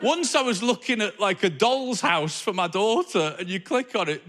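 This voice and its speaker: A man's voice: sits high, animated, normal speed, hardly any pauses, fairly bright tone. A male stand-up comedian on stage, talking to the crowd in a wry, conversational way full of observational asides. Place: comedy club stage before a live audience.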